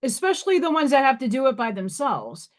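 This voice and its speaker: Candid woman with a lively, high voice. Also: brisk. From New York. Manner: candid, emphatic, frank. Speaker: livestream host. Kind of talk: casual livestream chat.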